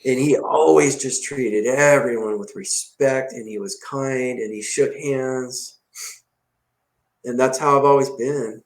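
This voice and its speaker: A man's voice: medium pitch, takes it slowly. Guy chatting about his detail shop, acts out the convos, kinda echoey room. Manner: animated, acts out dialogue in story. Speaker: detailing shop owner, guest. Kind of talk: casual podcast storytelling. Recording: roomy echo.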